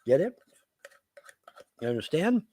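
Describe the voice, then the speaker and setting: Crude, sarcastic man with a lively voice. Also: fairly high pitch, a little slow. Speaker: live-stream commentary host. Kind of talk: casual ranting commentary.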